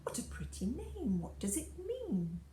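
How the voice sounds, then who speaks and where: A cunning witch queen with a soft, cooing voice, put on by a woman reading aloud. She speaks slowly and low, and the room adds a noticeable echo. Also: wildly swooping pitch, noisy background, exaggerated voice. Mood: soft coaxing.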